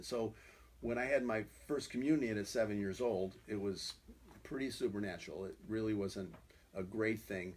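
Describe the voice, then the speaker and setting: A man's voice: lowish voice, steady tone, moderate pace, darkish tone, a little hiss or hum. A man who is a guest musician, telling stories in a rambling way, full of "you know" fillers. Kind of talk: conversational storytelling.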